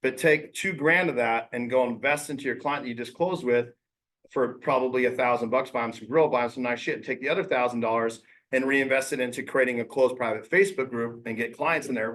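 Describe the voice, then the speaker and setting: A man giving agents a loose, slangy coaching talk. His voice sits at an ordinary middle pitch. He speaks bluntly and drops in quick asides that mimic his clients. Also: fairly bright tone. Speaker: real estate coach.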